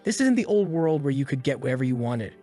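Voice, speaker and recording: A man's voice: mid-range voice, very animated, fast talker, dark tone, faint music behind, natural voice. A man voicing a bullying young thug who sneers and taunts, in a recap story. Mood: sneering.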